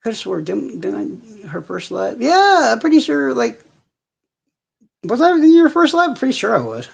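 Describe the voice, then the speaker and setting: A man's voice: very high-pitched, huge pitch swings, unhurried, gravelly, slightly rough, highs cut off. Profane, combative man ranting on a livestream. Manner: answers chat comments directly. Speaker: livestream host. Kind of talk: casual livestream chat.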